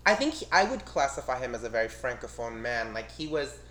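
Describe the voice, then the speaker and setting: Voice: mid-range voice, sing-song, a little fast, fairly bright tone. A podcast co-host in a casual chat, telling stories in a chatty way and mimicking other people. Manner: chatty storyteller, laughs easily, mimics people.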